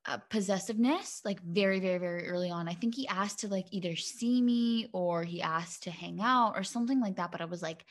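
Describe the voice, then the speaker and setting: A woman's voice: medium pitch, a little fast, hardly any pauses. A young woman co-hosting a podcast, chatting casually, swearing freely and filling with "like" and "um". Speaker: podcast co-host.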